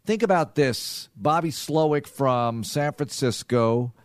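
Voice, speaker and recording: A man's voice: medium pitch, lively intonation, takes it slowly, no room sound, studio quality. A man co-hosting a sports radio show, chatting about the team and running a giveaway in a conversational way. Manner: conversational, runs promos and questions. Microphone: studio microphone.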